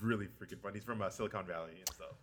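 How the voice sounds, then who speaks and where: A man's voice: on the low side, very fast. A young man co-hosting a casual podcast, bringing up news items in a laid-back way. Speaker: podcast co-host reading the news. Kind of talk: casual chat.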